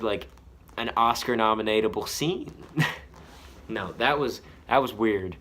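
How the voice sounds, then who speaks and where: A man's voice: medium pitch, lively intonation, measured pace, fairly bright tone, slight background noise. A man reading his own story aloud, breaking off for self-mocking, casually profane commentary.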